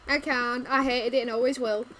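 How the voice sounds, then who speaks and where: A woman's voice: on the high side, steady tone, normal speed, fairly bright tone, a little hiss or hum. A woman streaming a video game, chatting casually with her viewers and laughing often. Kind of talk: casual let's-play commentary.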